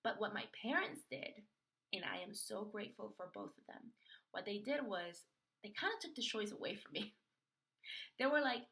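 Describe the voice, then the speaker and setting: A young woman hosting a podcast, telling a personal story in an animated way and acting out the voices of others in it. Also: mid-range voice, moderate pace. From Florida. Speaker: podcast host.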